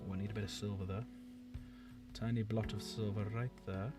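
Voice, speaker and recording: A man chats casually while painting miniatures, often dropping to a soft mutter. He sits back from the microphone. Music plays clearly behind him. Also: on the low side, flat delivery, brisk. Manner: mutters softly to himself while working. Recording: distant mic, loud music behind.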